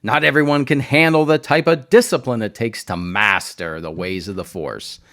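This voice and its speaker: A man putting on the voice of a solemn, preachy female mentor warrior, speaking slowly and gravely. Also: medium pitch, steady tone, fairly bright tone, natural voice.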